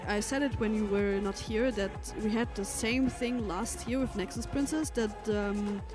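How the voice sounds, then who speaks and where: Guy with a pretty high voice chatting on a stream, music going in the background. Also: unhurried. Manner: conversational, trades questions with his co-host. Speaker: esports co-commentator. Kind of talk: casual livestream commentary.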